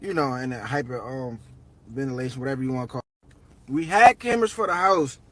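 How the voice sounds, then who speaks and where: A man's voice: mid-range voice, fairly quick, fairly bright tone. A man telling a story in a casual, slangy, profane way.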